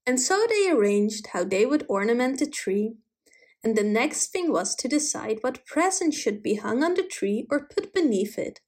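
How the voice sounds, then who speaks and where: A woman reading a children's animal story aloud, gently and slowly, putting small voices on the animals. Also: a little high. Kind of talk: storybook read-aloud narration.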